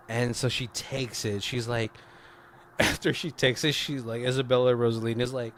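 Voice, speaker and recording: A man in casual podcast talk, retelling a movie scene by scene and slipping into quick voices for the characters. His pitch sits in the middle of the male range, and he laughs often between lines. A faint hiss of noise runs under the recording. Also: a bit bright. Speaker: podcast co-host. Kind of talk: casual film commentary chat.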